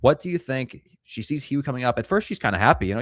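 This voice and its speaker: A man co-hosting a casual livestream review, talking at a middle pitch into a close, dry mic. He is animated and swears freely, and his pitch jumps sharply whenever he acts out a scene in a mocking voice. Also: fast, no echo. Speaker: podcast co-host.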